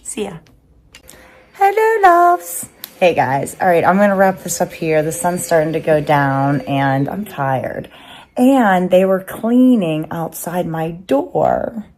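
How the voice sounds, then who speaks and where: Her voice is fairly low and a little mellow, captured on poor audio. She's a personal trainer and bodybuilder vlogger in her fifties, casually chatting to her phone camera in a cheerful, wandering way peppered with asides.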